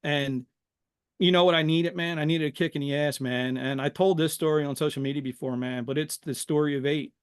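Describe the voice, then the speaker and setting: A middle-aged man from Philadelphia, a podcast guest telling stories from his youth in a lively, casual way and tacking "man" onto most sentences. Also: a little high, a little fast, clean tone. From Philadelphia, USA. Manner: animated, says "man" constantly. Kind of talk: casual storytelling interview.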